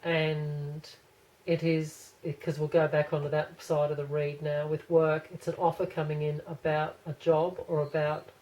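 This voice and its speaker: A woman's voice: low-pitched, level tone, a little slow, a little mellow, low-quality recording. A woman giving a casual pick-a-card tarot reading to camera, rambling and thinking aloud with many restarts.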